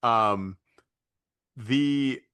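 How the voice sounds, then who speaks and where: Animated man retelling a movie. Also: medium pitch, very slow, clean tone. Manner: animated storytelling, acts out movie lines in put-on voices. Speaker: podcast co-host. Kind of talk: casual chat.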